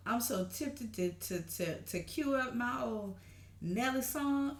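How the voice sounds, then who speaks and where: A woman giving an excited, gushing TV recap to her viewers, calling them honey and y'all in an animated way. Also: on the high side, moderate pace. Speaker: TV recap vlogger. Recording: roomy echo.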